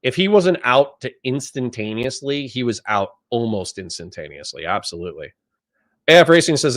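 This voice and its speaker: A man's voice: medium pitch, very animated, normal speed. A man hosting a livestream, reading out chat messages and answering them in a blunt, profane, conversational way. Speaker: livestream host.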